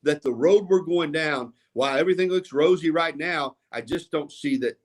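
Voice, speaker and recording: A man's voice: a little high, normal speed. A man who hosts his own sports radio show, giving opinions on a panel, hedging and restarting his sentences as he goes. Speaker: guest sports radio host. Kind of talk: casual panel discussion.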